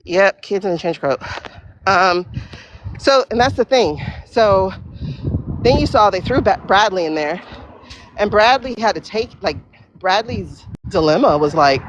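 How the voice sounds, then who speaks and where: A woman hosting a casual livestream while walking outdoors, talking in an animated, profane way with quick asides. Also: mid-range voice, a little hiss or hum. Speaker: livestream host. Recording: dull lo-fi livestream audio.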